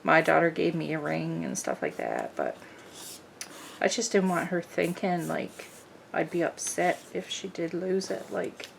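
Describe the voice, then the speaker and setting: Middle-aged woman, craft vlogger, unhurried rambling chat, gravelly voice, faint background hiss. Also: low voice, big pitch swings. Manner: rambling, many "like" fillers. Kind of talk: casual chat while crafting.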